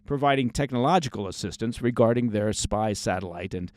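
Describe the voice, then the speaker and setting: A man's voice: fairly low pitch, brisk, darkish tone, no room sound, clean studio sound. A man hosting a scripted news briefing, reading the stories in a conversational way with short asides and stressed key words. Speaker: news podcast host.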